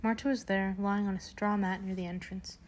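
A young woman reading a children's book aloud and breaking off into gushing, animated asides. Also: mid-range voice, a little fast, rough recording. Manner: gushing, animated asides between read passages. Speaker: book reader.

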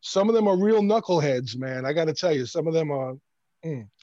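A man from Brooklyn, a bass player, tells a story casually and with energy, often restarting his sentences. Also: brisk, no echo, dull audio. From Brooklyn, New York. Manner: animated, stammering restarts.

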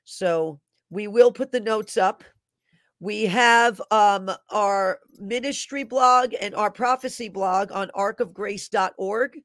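A woman's voice: mid-range voice, takes it slowly, no echo, clean studio sound. A woman hosting a prophetic teaching broadcast, speaking earnestly and repeating key phrases for emphasis. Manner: earnest, corrects herself mid-sentence. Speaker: host and prophetic minister.

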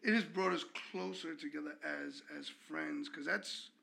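A man's voice: fairly high pitch, fairly even intonation, normal speed, vocal fry, pushed and bright, a little hiss or hum. A man co-hosting a casual podcast with his co-parent, talking in laid-back slang. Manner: laid-back slang, often says bro and yo. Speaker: podcast co-host, father. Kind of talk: casual chat.

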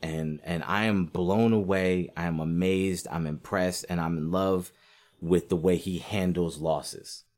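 A man giving a casual, animated commentary on boxing, rambling with lots of fillers and acting out quotes. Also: deep voice, a little slow. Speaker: sports commentator.

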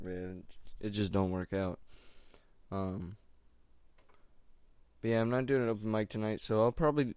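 A man's voice: on the low side, a little mellow, clear, resonant tone, no room sound. A young man rambling casually at home in a laid-back, meandering, slangy way. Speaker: stand-up comic doing open mics.

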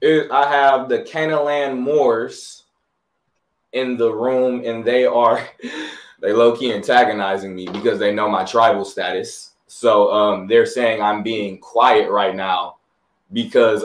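A man's voice: lowish voice, steady tone, slow pace, roomy sound. A male host asking his guests a casual, hesitant question, with laughs and fillers. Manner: laid-back, hesitant, laughing.

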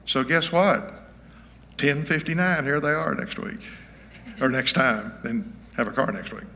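Folksy older pastor in a reverberant hall. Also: male voice, mid-range voice, lively intonation, a little slow, bright, forceful tone. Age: 70s. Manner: folksy, conversational, checks in with listeners. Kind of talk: informal teaching sermon.

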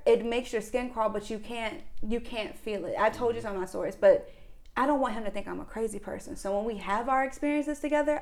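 A woman hosting a podcast in casual, teasing chat, laughing often. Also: on the high side. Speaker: podcast host.

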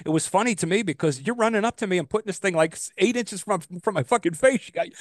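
A man co-hosting a casual podcast chat, telling stories with animation, his voice jumping high when he gets exasperated, and swearing freely. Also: lively intonation, fast, few pauses, no room sound, studio quality. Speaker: podcast co-host.

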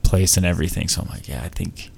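Young man, low-pitched, loose jokey podcast co-host who swears freely. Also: fast, gravelly, darkish tone, a little hiss or hum. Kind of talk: casual chat.

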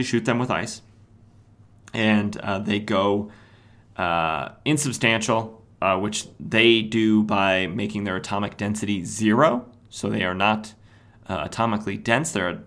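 A man's voice: lowish voice, a bit bright. A man hosting a podcast, casually recapping stories, rambling with lots of "uh" fillers and self-corrections. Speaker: comics podcast host.

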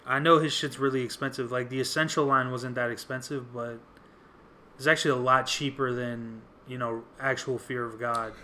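A man's voice: medium pitch, fairly even intonation, normal speed, sharp tone, a little hiss or hum. A man co-hosting a casual podcast chat, laid-back and agreeable, with easy slang. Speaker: podcast co-host.

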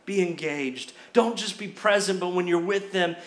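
High-voiced preaching pastor, echoey church. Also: male voice, moderate pace. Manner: call-and-response preaching, emphatic repetition. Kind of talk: sermon. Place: church sanctuary.

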